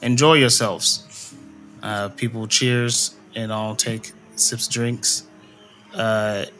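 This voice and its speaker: A man's voice: mid-range voice, fairly bright tone. A man narrating a tabletop game as game master in a casual, filler-heavy way.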